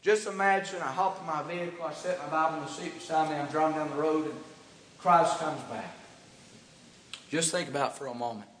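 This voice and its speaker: Man, pastor, fervent sermon, hushed to loud and emphatic, slightly high voice, long church reverb. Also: brisk, slight background noise. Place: church sanctuary.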